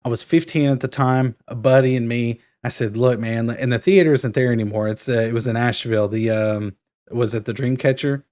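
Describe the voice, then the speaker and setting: A man in his thirties chats casually on a podcast, steady mid-range voice. He tells stories with rising excitement and acts out the lines he quotes. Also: medium pitch, a little fast. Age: 30s. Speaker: podcast co-host. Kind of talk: casual chat.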